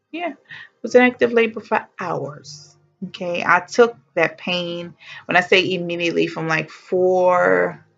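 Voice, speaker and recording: Woman vlogger, casual story, gravelly fry, muffled lo-fi sound. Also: on the low side, fairly bright tone. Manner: chatty and heartfelt, with exclamations and slang.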